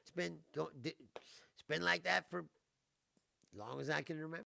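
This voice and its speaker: Gravelly-voiced man ranting on a stream. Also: a little high, normal speed, pushed and bright, dry recording, studio quality. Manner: exasperated, laughing, swearing storyteller. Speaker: live-stream host. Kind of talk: casual ranting monologue.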